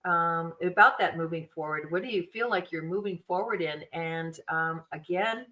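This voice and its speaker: A woman's voice: fairly low pitch, normal speed, dull audio. A woman hosting a podcast, chatty and encouraging, drawing out her guest in a casual chat. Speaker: podcast host.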